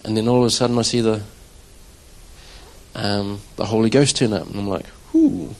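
A man's voice: fairly low pitch, a little fast, low-quality recording. A man, a church drummer, telling a conversational testimony to a congregation and acting out his own reactions. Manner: conversational, animated storytelling with acted-out quotes.

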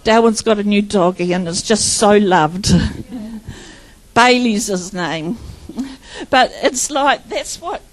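A woman's voice: mid-range voice, takes it slowly, pauses often, rough recording. A middle-aged woman preaching a personal testimony sermon, telling her story with laughter and tearful moments.

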